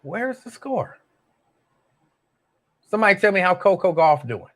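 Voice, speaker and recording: An older man hosts a casual solo show and rambles into a family story. He speaks in a somewhat high voice, and his pitch swings widely as he talks. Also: very animated, measured pace, a bit bright. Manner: rambling, storytelling, laughs easily, Southern US Black vernacular. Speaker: host.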